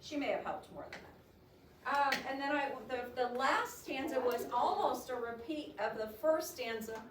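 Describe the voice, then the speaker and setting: A woman's voice: high-pitched, animated, normal speed. A woman teaching a class, reading a poem aloud with expression and asking students questions about how she read it. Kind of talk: classroom poetry reading and discussion. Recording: roomy classroom sound from a distant mic with noise.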